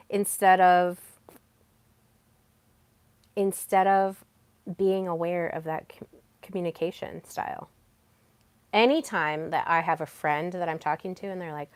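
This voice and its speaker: Brief: young woman podcast host, lower voice, earnest coaching delivery, dry close sound. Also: unhurried, no room sound. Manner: earnest, coaching tone with many fillers. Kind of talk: solo self-help podcast talk.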